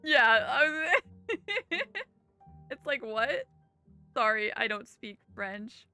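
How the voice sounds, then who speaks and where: A woman's voice: on the high side, lively intonation, takes it slowly, long pauses, sharp tone, soft background music. A woman streamer chatting casually while playing a visual novel, giggling often and reading game text aloud. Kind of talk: casual gaming commentary.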